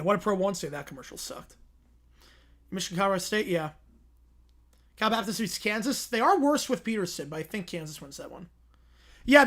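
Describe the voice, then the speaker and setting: A man calls a basketball game live on a stream in a worn, strained voice that keeps cracking, rushing through the action in a raised, excited way. Between plays he drops into quieter, lower asides to answer viewers.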